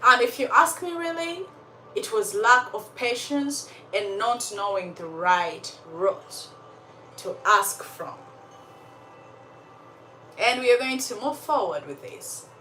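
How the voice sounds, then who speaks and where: A woman telling a story in a casual, animated way, with emphatic asides and religious commentary. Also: on the high side, slow pace. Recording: echoey room, slightly far from mic, faint background noise.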